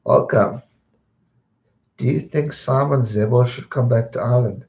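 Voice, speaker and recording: A chatty man hosting a live stream from home, rambling loosely and greeting viewers as he reads their messages. His voice sits at an ordinary middle pitch. The stream audio is dull and lo-fi. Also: unhurried, gravelly, darkish tone. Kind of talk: casual chat reading viewer comments.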